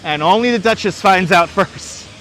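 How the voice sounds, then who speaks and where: Speaking at a normal speed in a high-pitched, fairly bright voice, a man hosts a laid-back walking livestream on city streets outdoors. Through his wireless clip-on mic he chats enthusiastically, greets viewers by name and reads their comments aloud. Slight background noise comes through.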